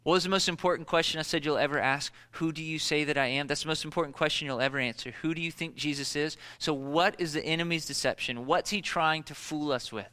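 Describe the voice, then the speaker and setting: A man preaching a sermon in a casual, storytelling way, full of fillers and sudden jumps in pitch for emphasis. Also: fast, hardly any pauses, pushed and bright, clean tone. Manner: conversational storytelling with many fillers. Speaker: pastor.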